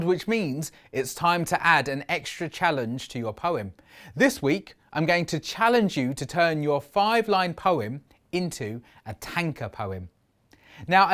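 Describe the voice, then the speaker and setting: A middle-aged man teaches children to write poems, and his voice rises and falls with lots of life. He speaks slowly and carefully and draws words out when he counts syllables. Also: on the high side. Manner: animated, expressive, slows to sound out syllables. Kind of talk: lively children's writing lesson.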